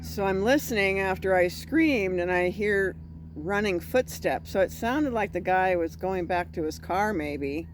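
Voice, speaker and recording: A woman's voice: mid-range voice, expressive, unhurried, a little hiss or hum. A woman vlogger casually retelling a scary night, acting out the voices she quotes. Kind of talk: casual storytelling.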